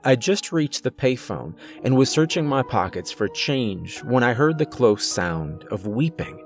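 A man reading a horror story aloud as scripted narration, in a measured storytelling manner. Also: mid-range voice, sing-song, faint music behind.

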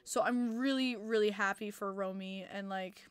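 A woman hosting a casual hockey podcast livestream, excitable, laughing often and swearing freely as she reads chat messages. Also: mid-range voice, normal speed, clean tone, no echo. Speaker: podcast host.

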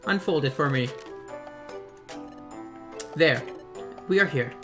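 A man voicing a calm elderly hot spring keeper creature who talks in a kindly, formal way. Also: fairly high pitch, takes it slowly, music in the background.

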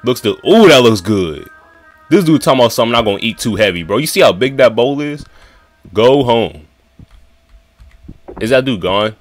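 A man commentating on a horror game in loose, slangy talk, his pitch swinging all over the place as he reacts. He jumps between a calm reading voice and loud outbursts. Faint music plays behind him. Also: moderate pace, pauses often. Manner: reads game dialogue aloud in a lower voice, then reacts loudly; casual slangy chatter. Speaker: gaming YouTuber.

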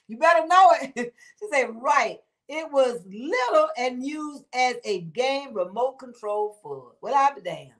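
Lively woman chatting to viewers. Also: high voice, slow. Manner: animated, laughing, exclamatory, talks back to viewers. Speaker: livestream host reading comments. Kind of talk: casual livestream chat.

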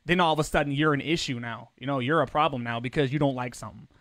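A gaming streamer plays a football video game and chats casually with viewers in loose, profane slang. His mid-range, slightly bright voice is fast and echo-free, and it jumps up in pitch when he gets defensive.

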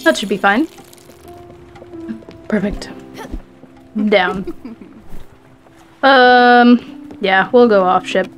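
A woman's voice: medium pitch, drawn-out words, pauses often. A woman chatting casually through a let's-play, giggling and talking to the game's characters. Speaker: gaming video host. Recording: faint game music behind.

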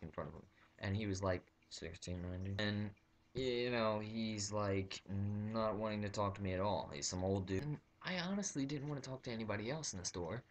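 Brief: low-voiced young guy, rambling comic anecdote, plenty of ums and restarts. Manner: rambling, full of fillers and restarts. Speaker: vlogger. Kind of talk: comic storytelling.

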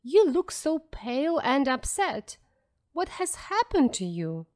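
A woman reading the lines of a kind, caring young woman in a storybook, warm and concerned. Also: high-pitched, very animated, slow pace, voice pushed up, heavily acted.

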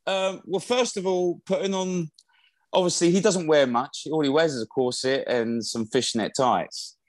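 A man's voice: a little high, moderate pace, no room sound. A man, a musical theatre actor, chatting casually as an interview guest, rambling with lots of fillers and restarts.

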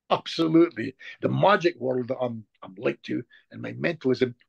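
A man's voice: mid-range voice, moderate pace, creaky, darkish tone, husky, dry recording, highs cut off. A Scottish man, a hypnotist guest, telling a moving personal story in conversation and repeating words when he gets emotional. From Scotland.

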